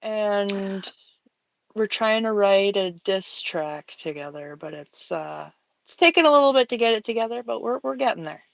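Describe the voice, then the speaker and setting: A woman hosting a casual painting stream, chatty and expressive. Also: mid-range voice, moderate pace, gravelly, dry recording. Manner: chatty, expressive, talks to her cat. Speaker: stream host. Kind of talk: casual chat while painting. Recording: dry, dull lo-fi sound.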